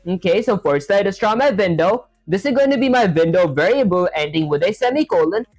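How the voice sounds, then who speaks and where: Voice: medium pitch, animated, fairly quick, no echo, faint music behind, rough recording. Chatty live coder narrating each step. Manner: talks through each step, leans on "honestly" and "that said". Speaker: streamer learning to code live. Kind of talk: live coding stream, reading chat aloud.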